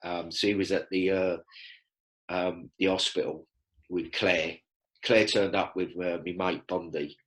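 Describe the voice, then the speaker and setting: A man, telling lively stories as a podcast guest and acting out quoted lines. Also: low-pitched, a little slow, poor audio. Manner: animated storyteller, acts out quotes. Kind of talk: casual storytelling chat.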